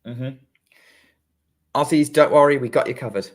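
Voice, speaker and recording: British man calling tennis play-by-play. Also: mid-range voice. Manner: running play-by-play, quickens during rallies. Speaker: podcast co-host doing live commentary. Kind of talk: casual live watchalong commentary.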